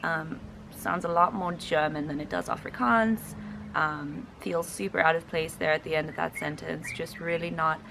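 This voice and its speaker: A woman's voice: deep voice, fairly even intonation, normal speed, creaky, background noise. A South African woman in her twenties, a linguistics student explaining accents in a reaction video, hesitant with frequent ums. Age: 20s.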